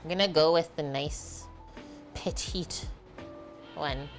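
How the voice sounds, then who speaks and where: A woman's voice: low-pitched, lively intonation, unhurried, a bit bright, soft background music. A woman hosting a live cooking stream, chatting casually with viewers and filling her talk with "like". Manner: chatty, answers chat, many "like" fillers.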